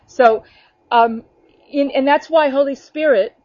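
Woman, fairly high voice, earnest spontaneous preacher to a small group, dull video-call sound. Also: measured pace, darkish tone. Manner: earnest, addresses listeners by name, punctuates with "okay?". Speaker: prayer group teacher.

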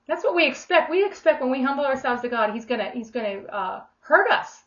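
Middle-aged female preacher, higher-pitched, informal and animated sermon delivery; muffled low-fidelity audio. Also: a little fast, few pauses. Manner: animated, acts out quoted voices with big swings in loudness. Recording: dull lo-fi recording.

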